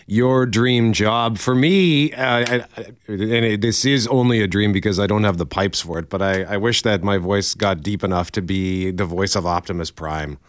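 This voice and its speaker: A man's voice: fairly low pitch, moderate pace, few pauses, no echo. A man hosting a morning radio show, upbeat and announcing the call-in line. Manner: upbeat, reads phone number, lively intonation.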